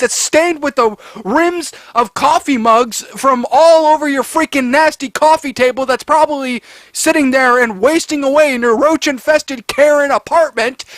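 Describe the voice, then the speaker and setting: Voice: high voice, a bit bright, no room sound. Sarcastic reader ranting over a dumb story, lots of um and you know, dry close sound. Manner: rambling, sarcastic, full of fillers and repeated phrases. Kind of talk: comedic story reading with commentary.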